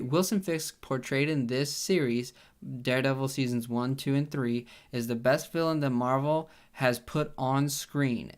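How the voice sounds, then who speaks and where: A man's voice: mid-range voice, clear, resonant tone. A young man giving a casual, enthusiastic spoken review, often restarting his sentences as he builds up to his points. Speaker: YouTube reviewer.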